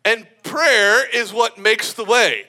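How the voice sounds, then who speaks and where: A man preaching a sermon in an animated, emphatic way, often breaking into laughter. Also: sits high, takes it slowly.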